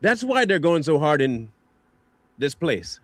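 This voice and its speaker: A man's voice: on the high side, very animated, measured pace, no room sound. A man hosting a stream, delivering an angry, mocking reaction rant full of insults. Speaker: stream host.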